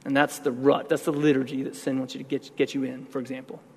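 A man's voice: medium pitch, level tone, fast, husky, in a large hall. A man pastor giving a sermon, talking conversationally and then building to emphatic outbursts.

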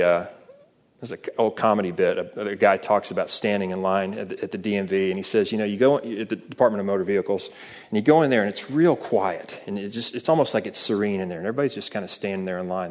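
A man's voice: lowish voice, fairly even intonation, fast. A man preaching a sermon in a conversational way, often asking the listeners rhetorical questions. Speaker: pastor.

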